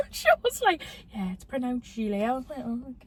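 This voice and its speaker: A young woman with a Geordie accent hosts a casual chat with her mother, her high voice sing-song and her speed normal. She's chatty, laughs often, and quotes people in voices.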